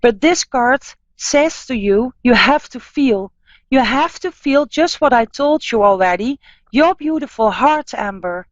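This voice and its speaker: Woman medium, calm repeating healing talk, slightly high voice, muffled dry audio. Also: dry recording. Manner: soothing, repetitive, halting phrasing. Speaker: medium giving live readings. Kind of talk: spiritual healing reading.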